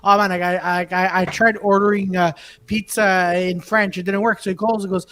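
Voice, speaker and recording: A man's voice: sits high, level tone, brisk, fairly bright tone, a little hiss or hum. A man co-hosting a casual podcast, rambling and mixing in French phrases. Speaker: podcast co-host.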